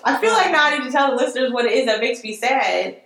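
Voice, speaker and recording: A woman's voice: high voice, expressive, quick pace, fairly bright tone, echoey room, poor audio. A woman co-hosting a podcast in casual chat, earnest and emotional, drifting between tears and laughter. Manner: earnest, tearful and laughing in turns. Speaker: podcast co-host.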